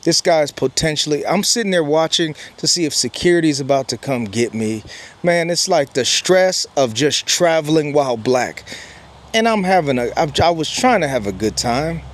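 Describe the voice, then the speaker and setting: A middle-aged man telling a personal story in a casual, animated monologue, emphatic and full of repeats. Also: on the high side, moderate pace. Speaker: vlogger, storyteller.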